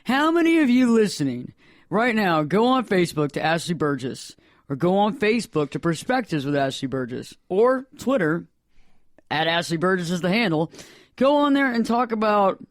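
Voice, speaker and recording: A man's voice: high voice, big pitch swings, normal speed, no echo. A man hosting a radio talk show, motivational and playful, speaking into a studio microphone. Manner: playful, motivational, jokey asides.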